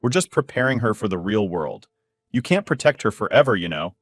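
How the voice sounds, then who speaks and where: A man's voice: on the low side, very animated, a little fast, no echo, clean studio sound, soft background music. A man putting on his dismissive mother's voice, airy and patronizing, raised a little above his own. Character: dismissive older mother, falsely innocent.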